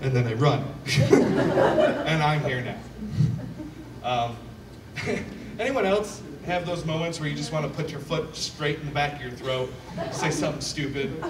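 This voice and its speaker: A man's voice: fairly high pitch, a little slow. A young man from Michigan's Upper Peninsula doing a self-deprecating stand-up set, acting out quoted voices and yelping at his own punchlines. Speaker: stand-up comedian. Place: comedy club stage. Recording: echoey club from a distant mic with loud audience noise.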